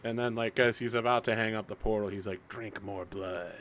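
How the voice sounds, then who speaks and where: Male game master, bright voice, loose chatty narration, streamed tabletop game. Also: on the low side, flat delivery, quick pace, a little hiss or hum. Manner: casual, chatty, lots of fillers like "like".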